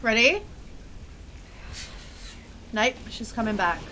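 A woman's voice: fairly high pitch, lively intonation, takes it slowly, background noise. A woman commenting while playing a video game, reacting aloud in a chatty, exclaiming way. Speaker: gamer. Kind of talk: let's-play commentary.

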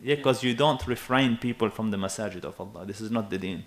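A man in his thirties preaching a sermon in an animated, emphatic way, often checking with his listeners. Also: lowish voice, brisk. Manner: animated and emphatic, with asides to the audience.

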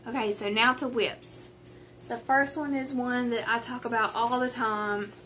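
Young Southern woman, rural drawl, bright and fairly high voice, rambling self-deprecating home vlog chat to a tripod camera. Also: steady tone, unhurried, faint music behind. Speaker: craft vlogger. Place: at home, at a table. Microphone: camera on a tripod with a ring light.

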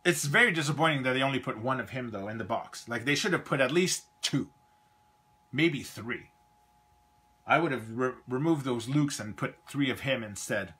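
Canadian man, live-stream toy host, bright forceful voice, loose rambling delivery. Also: mid-range voice, animated, moderate pace, breathy edge. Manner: rambling, chatty, trails off mid-thought. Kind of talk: casual live-stream chat.

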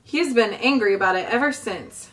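A woman voicing a calm, helpful female robot in a storybook reading, speaking politely and evenly. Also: a little high, moderate pace, recorded from a distance, natural voice.

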